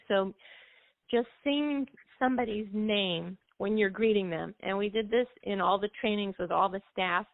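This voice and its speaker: A woman's voice: medium pitch, gravelly, no room sound. A woman music therapist explaining things at length in easy flowing talk, with a few fillers, as a guest on a call-in show. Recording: dry phone line.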